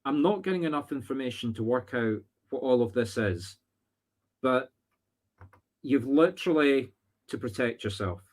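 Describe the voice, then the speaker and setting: Scottish man, spiritual medium, live-streamed readings, thinks aloud, jokey asides, mid-pitched voice. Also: normal speed, darkish tone. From Scotland.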